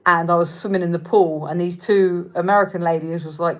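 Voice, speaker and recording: Casual southern english woman on a livestream, a bit low-voiced, chatty and sweary, answers viewer comments. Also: steady tone, quick pace, few pauses. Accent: Reading, southern English. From England. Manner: chatty, frank and swearing, loses her thread. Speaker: livestream host.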